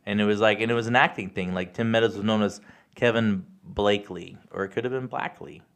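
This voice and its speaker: A man's voice: lowish voice, a little fast. A young man co-hosting a podcast, chatting in a laid-back, joking way with plenty of swearing. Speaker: podcast co-host. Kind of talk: casual chat.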